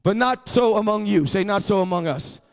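Pastor, male, high voice, emphatic sermon delivery with call-and-response prompts to the congregation. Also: moderate pace.

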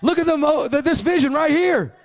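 High-voiced man preaching emphatically. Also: animated, brisk. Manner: emphatic preaching with call-and-response prompts. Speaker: pastor. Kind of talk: sermon.

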